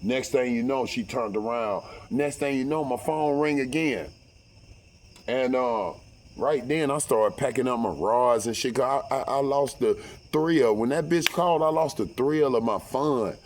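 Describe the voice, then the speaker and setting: A middle-aged man telling a story in a casual, profane way. His voice sits at an average pitch, and he stays animated, acting out each voice as he goes. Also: unhurried. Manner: profane, animated, acts out every voice.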